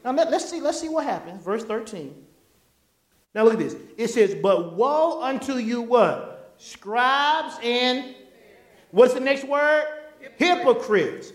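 A pastor preaching a sermon in a church, animated and folksy, calling out to the congregation. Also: medium pitch, normal speed. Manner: animated, call-and-response preaching; folksy, conversational asides. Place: church sanctuary. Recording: echoey church room.

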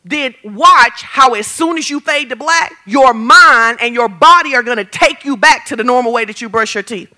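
High, bright-voiced woman preacher. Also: moderate pace, hardly any pauses. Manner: animated, humorous, builds to shouts. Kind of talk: sermon.

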